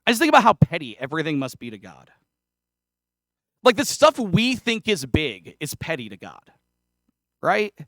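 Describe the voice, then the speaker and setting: Male pastor, sermon, high voice, very lively pitch, conversational asides, dry close sound. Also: normal speed, long pauses, dry recording. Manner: conversational, self-deprecating preaching with asides. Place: church sanctuary.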